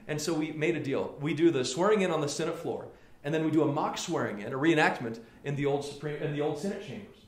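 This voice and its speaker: A man's voice: fairly high pitch, fast. A man, a senator, giving a political speech to a small gathering and telling stories, often restarting and repeating words as he goes. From Colorado. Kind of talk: political stump speech with anecdotes. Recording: very echoey room with faint ambient noise.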